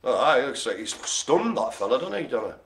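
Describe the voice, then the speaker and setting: A man's voice: mid-range voice, sing-song, brisk, creaky. A man hosting a live online bingo show, cracking puns and making silly noises between calls. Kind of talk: jokey live bingo calling.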